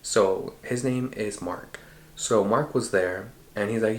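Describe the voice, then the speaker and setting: A man hosting a podcast, recounting a dream in an animated, slangy and profane way. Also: lowish voice, slow pace. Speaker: podcast host. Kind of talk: casual storytelling. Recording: roomy echo.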